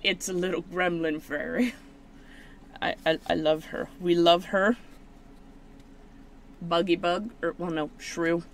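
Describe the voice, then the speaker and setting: Slow rambling woman opening trading cards. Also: slight background noise. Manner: rambling, self-mocking, with sudden high excited squeals. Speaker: channel host. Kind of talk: casual card-opening video.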